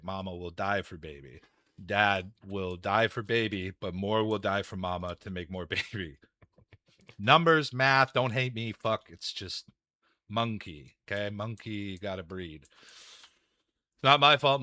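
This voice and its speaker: A man's voice: low voice, pushed and bright, no echo. A young man chatting casually while he streams a game, rambling and swearing, laughing often between thoughts. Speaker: gaming streamer. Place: home room.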